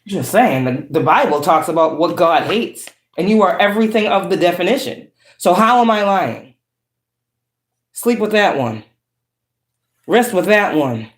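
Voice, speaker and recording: A woman's voice: lowish voice, measured pace. Woman tarot reader, preachy and profane, roomy echo. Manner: profane, preachy, shifts between calm and harsh. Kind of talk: spiritual reading monologue.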